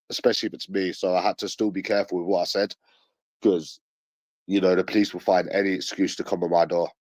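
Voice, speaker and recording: A man's voice: deep voice, darkish tone, no echo. A man in his late twenties with a London accent, ranting casually with heavy swearing and street slang. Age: late 20s. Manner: swearing, boastful, aggressive slang.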